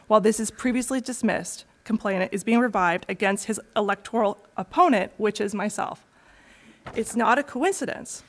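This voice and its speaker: A woman on a town council, raising a pointed objection in formal debate, halting with fillers and restarts. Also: mid-range voice. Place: council chamber.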